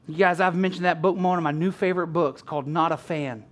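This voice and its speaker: A man's voice: fairly high pitch, fairly even intonation, fast talker, few pauses. A middle-aged male pastor preaching a sermon, laughing often and acting out bits of dialogue.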